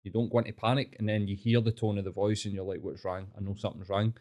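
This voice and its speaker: A man's voice: fairly low pitch, fairly even intonation, fast talker, a little mellow. A man, a guest on a podcast, explaining ideas thoughtfully in casual chat.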